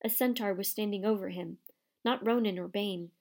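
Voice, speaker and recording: A woman reads a storybook aloud at a middle pitch, her voice often dropping into a gravelly fry. Her narration is steady and expressive. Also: normal speed. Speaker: audiobook narrator.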